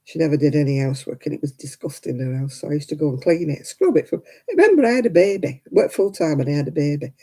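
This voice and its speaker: A woman's voice: low-pitched, animated, quick pace, hardly any pauses, mellow, poor audio. An older woman, telling rambling personal stories in casual chat as host of a crafting livestream, full of "you know" asides.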